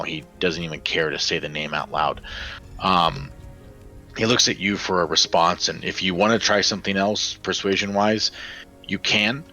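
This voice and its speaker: A man's voice: low-pitched, pushed and bright, poor audio. A man running a tabletop game as game master, narrating dramatically with many fillers.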